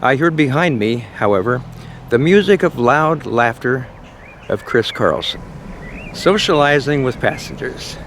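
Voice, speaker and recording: A man's voice: medium pitch, lively intonation, unhurried, a bit bright, a little hiss or hum. An older man telling the story of his trip in a chatty, self-deprecating travel vlog. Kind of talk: casual travel vlog narration. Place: partly outdoors in a city.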